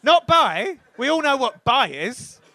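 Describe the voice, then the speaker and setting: Young male stand-up comic, bright tense voice, rambling and animated delivery. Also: very high voice, slow pace. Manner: rambling, animated, bursts into loud shouts. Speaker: stand-up comedian. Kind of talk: stand-up routine. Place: comedy club stage.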